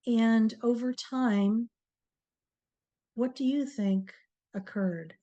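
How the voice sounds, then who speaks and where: A woman hosting a TV talk, giving a slow, encouraging motivational talk to viewers with many pauses. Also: on the high side, highs cut off. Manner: slow, pausing, soft-spoken and encouraging. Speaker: TV show host, speaker on word power.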